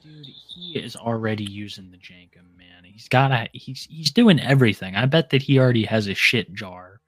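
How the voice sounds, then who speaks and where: Mid-pitched male host, crude humor, dry close mic, reads shout-outs. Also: expressive, moderate pace, slightly rough, no echo. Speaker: podcast co-host. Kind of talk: casual livestream banter.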